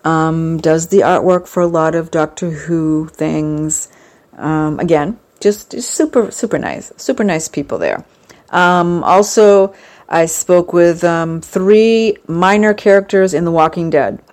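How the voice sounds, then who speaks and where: A woman with a slightly low voice chats casually and at length. She rambles and gushes, with many pauses and fillers between her thoughts. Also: darkish tone. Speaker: vlogger recounting a fan convention. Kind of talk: casual chat.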